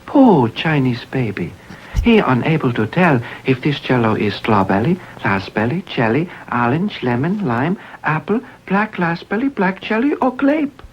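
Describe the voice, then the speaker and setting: A sing-song, clipped broken-English commercial narrator, as a man puts the voice on. He speaks unhurriedly and swoops widely in pitch, and his voice sits low. The audio is dull and lo-fi, like an old commercial, with faint hiss behind it. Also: expressive, measured pace. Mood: mock solemn.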